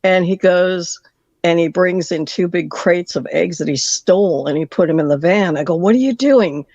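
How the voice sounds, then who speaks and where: A caller on a call-in show tells a story in a lively way, acting out the lines of the people in it. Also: medium pitch, moderate pace, no room sound. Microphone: phone call. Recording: dull dry phone line.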